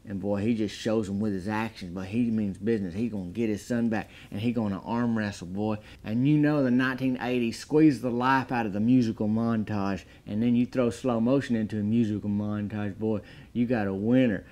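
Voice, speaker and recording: A man's voice: on the low side, steady tone, fairly quick, dark tone. Folksy man hyping a movie. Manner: folksy drawl, exaggerated hype. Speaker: movie reviewer. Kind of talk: deadpan comedic movie review.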